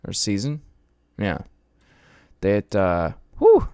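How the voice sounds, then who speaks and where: Profane rambling man with a smooth low voice. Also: expressive, very slow, long pauses, a little mellow, dry recording, studio quality. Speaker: podcast host. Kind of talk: casual ranting monologue.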